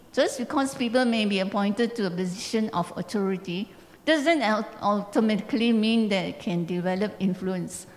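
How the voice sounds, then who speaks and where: A woman, reading a passage aloud during a church seminar. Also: mid-range voice. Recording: long church hall reverb.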